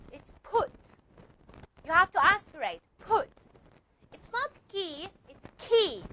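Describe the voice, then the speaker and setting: A woman's voice: extremely high pitch, sharp tone, muffled recording. A woman teaching a classroom lecture, repeating and modeling sounds and checking often that students follow.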